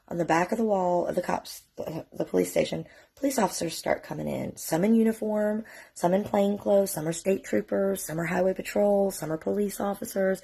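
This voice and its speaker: Mom doing a storytime vlog, low gravelly voice, emotional, swears a lot. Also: female voice, a little mellow. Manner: emotional, holding back tears, casual swearing. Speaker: mother telling her family's story.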